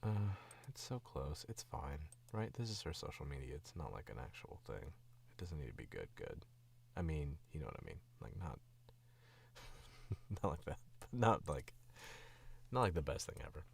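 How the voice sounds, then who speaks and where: Young male voice actor, very deep gravelly voice, lively swings, rambling stream chat. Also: moderate pace, slight background noise. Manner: chatty, self-critical, rambling. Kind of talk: casual livestream chat while editing. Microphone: studio mic.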